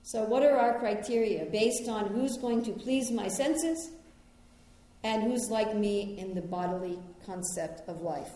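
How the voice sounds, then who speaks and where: A middle-aged American woman, originally from New York, gives a spiritual talk and folds personal stories into a gently reflective teaching. Her voice is mellow and soft-edged. It rings out in a very echoey room. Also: medium pitch, unhurried. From New York, United States.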